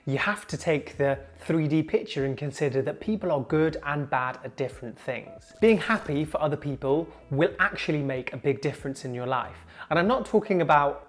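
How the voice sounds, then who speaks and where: A young man giving an earnest, measured motivational talk to camera, slowing down to stress key points. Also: on the high side, lively intonation. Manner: earnest, measured, slows down for emphasis. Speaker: junior doctor and comedian, video host.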